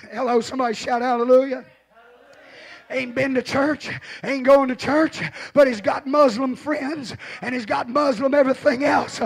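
A man preaching a revival sermon as pastor in a church, hollering in rising shouted refrains. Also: very high-pitched, creaky, breathy edge.

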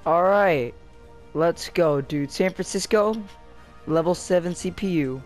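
A young man giving casual, rambling commentary while playing a fighting game, getting excited and shouting at the game. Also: on the high side, measured pace, soft background music. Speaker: gameplay commentator.

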